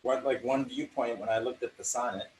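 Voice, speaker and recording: A man's voice: medium pitch, fairly even intonation, brisk, a little hiss or hum. A man talking about acting as a guest in a casual conversation, thoughtful and often reaching for the word "like". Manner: reflective, leans on the filler "like". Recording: roomy sound from a distant mic.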